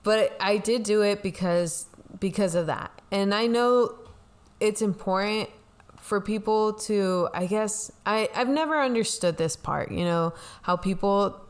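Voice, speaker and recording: A young woman, a pastor's kid, co-hosts a talk show and tells a personal story in a rambling, casual, confessional way, full of "like" and "you know." Her medium-pitched voice is smooth and measured in pace.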